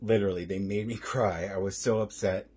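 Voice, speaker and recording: A man's voice: on the low side, fairly even intonation, a little fast, darkish tone, slightly rough. A man talking casually at home on his vlog about his rescue cats, chatty and repeating himself. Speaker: vlogger and cat rescuer.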